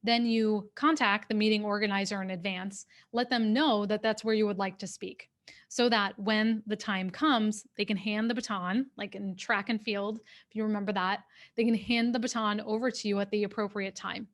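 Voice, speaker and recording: A woman executive coach speaks into her webcam during an online workshop. Her voice sits at a middle pitch, and her delivery is clear, steady and instructive. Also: normal speed. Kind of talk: workshop talk. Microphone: webcam on a video call.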